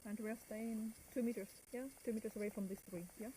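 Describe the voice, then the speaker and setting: A woman's voice: mid-range voice, fairly even intonation, fast talker, dark tone. A woman tour guide giving short, instructive callouts to a group outdoors. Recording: distant, noisy outdoor sound.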